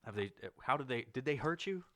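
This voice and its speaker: Bright and forceful, this man speaks in an animated, brisk way with no echo. He co-hosts a podcast, reading out news stories in loose banter where he laughs a lot, swears without restraint and breaks into squeaky fake voices.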